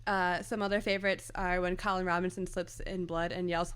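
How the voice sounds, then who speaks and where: A woman's voice: fairly low pitch, level tone, brisk, fairly bright tone, clear, resonant tone. A young woman co-hosting a podcast, chatting casually and laughing as she quotes favorite lines. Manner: giggly, quotes lines in character voices. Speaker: podcast co-host. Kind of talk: casual fan chat.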